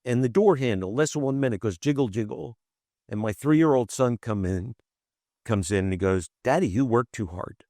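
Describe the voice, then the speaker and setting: Halting, animated man telling his story. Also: medium pitch, dry recording, studio quality. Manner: halting and repetitive, restarting phrases; animated, acts out quoted voices. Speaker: podcast guest. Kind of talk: personal storytelling in conversation.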